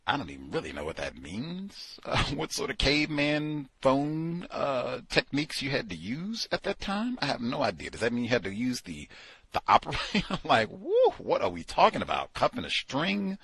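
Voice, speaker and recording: A man hosting a book club discussion, talking in an animated, incredulous way, with sarcastic asides. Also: mid-range voice, normal speed, breathy edge, no room sound. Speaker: podcast host.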